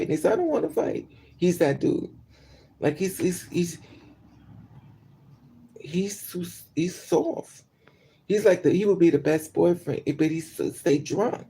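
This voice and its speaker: A woman chatting on a livestream, telling a story in an animated way with sudden outbursts. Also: sits low, gravelly, husky. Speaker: livestream host. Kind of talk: casual storytelling.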